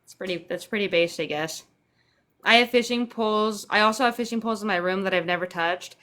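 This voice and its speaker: Hosting a livestream from her phone, a young Central Texas woman answers viewer comments with chatty sarcasm and casual swearing. Her mid-range voice is a bit bright and runs a little fast.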